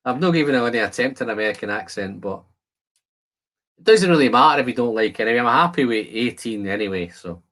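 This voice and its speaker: A man's voice: mid-range voice, lively intonation, fairly quick, fairly bright tone. A man hosting a casual whisky live stream, chatting to viewers, answering their comments and describing the whisky he tastes. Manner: describes whisky aromas while tasting. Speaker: whisky channel host.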